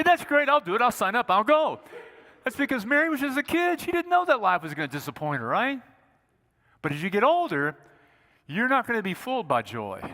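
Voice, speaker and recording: A man's voice: fairly high pitch, sharp tone, in a large hall. A male pastor preaching a sermon in a conversational, humorous storytelling manner in a church sanctuary.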